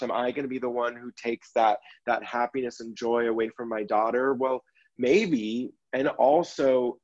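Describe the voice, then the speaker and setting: A man's voice: mid-range voice, lo-fi sound. A man working as a self-love coach, talking earnestly and reflectively in a podcast conversation, with many restarts.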